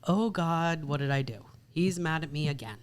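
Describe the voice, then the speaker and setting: There's a little hiss or hum behind this woman's low, lively voice as she co-hosts a podcast about marriage at normal speed. Casual and chatty, she uses "like" and "literally" a lot.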